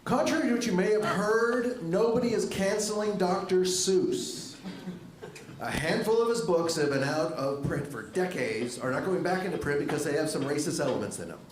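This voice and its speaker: A middle-aged male stand-up comedian on stage at a comedy club, delivering jokes with a dry, wry deadpan through a handheld mic. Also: moderate pace, slight background noise. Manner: dry, wry deadpan with lively jumps in pitch. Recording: echoey club room with audience laughter.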